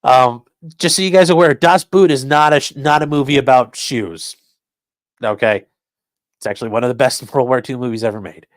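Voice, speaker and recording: A man at a middle pitch, talking casually and sarcastically on a livestream, mocking people and reading out viewer comments with profane asides. His voice is recorded close and dry, with no room sound around it. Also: brisk, no echo. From rural area. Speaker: livestream host.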